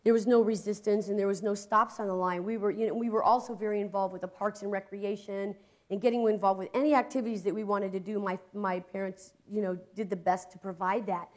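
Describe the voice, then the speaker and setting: A woman from Ohio, a guest in casual conversation, telling stories with lively energy and frequent laughter. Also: mid-range voice, fast talker. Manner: animated storyteller, voices quotes, laughs a lot. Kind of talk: casual chat, storytelling.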